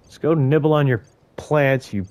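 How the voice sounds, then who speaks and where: A man's voice: mid-range voice, normal speed, a little mellow. A young man giving casual, profane gameplay commentary, joking and talking to the creatures on screen. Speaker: gaming YouTuber.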